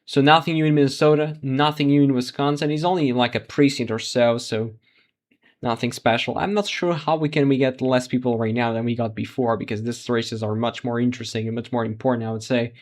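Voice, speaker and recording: Male livestream host, casual live results commentary, halting and chuckling. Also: medium pitch, fairly even intonation. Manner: thinks aloud, restarts sentences, laughs at surprises.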